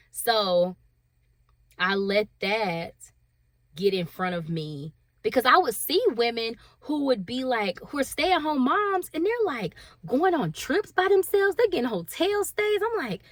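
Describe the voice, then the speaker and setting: A woman's voice: medium pitch, fairly bright tone, no echo. A woman in her thirties, a stay-at-home mom, talking candidly and emotionally to camera, laughing at herself and acting out her inner voices. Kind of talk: candid confessional talk to camera.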